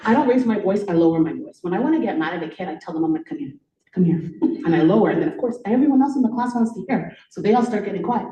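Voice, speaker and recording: A woman teacher on a panel, talking in an animated, storytelling way, full of "like" and "you know". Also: medium pitch, very fast, few pauses, dull audio. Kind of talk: conversational panel talk. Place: event room. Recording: echoey room, voice from far off.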